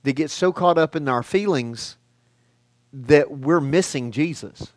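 A man preaching a sermon, talking in a conversational way and asking the listeners questions, his delivery swinging from loud emphasis to a hushed tone. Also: on the high side, measured pace, no echo.

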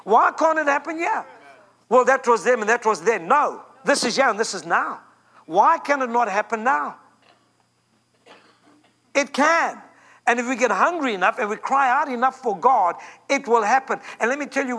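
A man's voice: very high voice, pushed and bright. A man from Africa, preaching a fervent Pentecostal sermon as a guest preacher and repeating lines for emphasis.

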